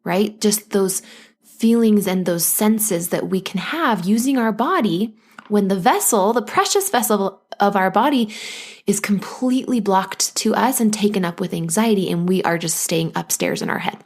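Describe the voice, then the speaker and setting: A woman hosting a solo podcast as a postpartum coach, talking listeners gently through anxiety and now and then acting out their worried thoughts. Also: mid-range voice, animated, moderate pace. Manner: gentle, coaching, acts out anxious inner voices.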